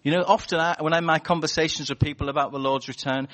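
A man preaching a sermon in a church, animated and chatty, telling stories and acting out voices. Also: fairly high pitch, fast. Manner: animated, storytelling with acted-out voices.

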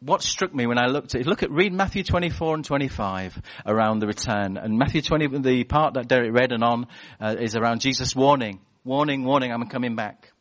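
Man preaching an animated sermon. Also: mid-range voice, fairly quick, hardly any pauses. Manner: animated, storytelling with acted-out voices.

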